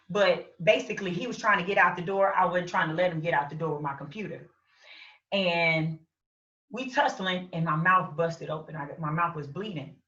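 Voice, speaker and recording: Animated woman telling a story. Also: mid-range voice. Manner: animated, acts out her own shouts and quotes. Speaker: interview guest. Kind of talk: personal story in an interview. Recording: roomy, distant, dull lo-fi sound.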